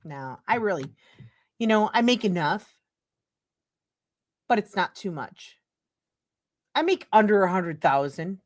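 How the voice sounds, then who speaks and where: A woman's voice: medium pitch, very animated, a little slow, long pauses. A middle-aged woman streaming commentary, reading a text aloud and breaking into heated, profane, sarcastic rants. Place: home streaming setup.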